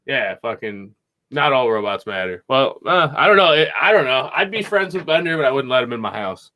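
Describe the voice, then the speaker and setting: A young man hosting a podcast from a home music room, chatting casually in a rambling, excitable way and swearing a lot. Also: medium pitch, a little fast. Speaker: podcast host. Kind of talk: casual chat.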